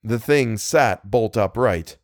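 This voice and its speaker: A man narrating a horror story in a measured, deliberate way. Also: lowish voice, gravelly, dry recording, clean studio sound. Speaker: podcast narrator. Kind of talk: audiobook reading of horror fiction.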